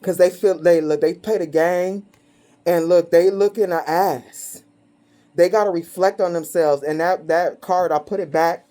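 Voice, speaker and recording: A woman's voice: lowish voice, steady tone, a little slow, dark tone. A woman doing a casual tarot reading, blunt and profane, often breaking into laughter as she mocks her subjects. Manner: blunt, profane and gleefully mocking; laughs often between phrases. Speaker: tarot reader.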